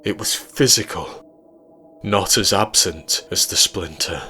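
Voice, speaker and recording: A man with an English accent narrating a horror story in a measured, low-key way. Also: sharp tone, a little hiss or hum.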